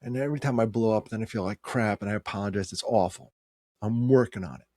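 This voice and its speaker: A man's voice: fairly low pitch, fast, a little mellow, dry recording, studio quality. A man in his sixties telling a personal story in a heartfelt, conversational way, with rising emphasis. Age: 60s. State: tearing up.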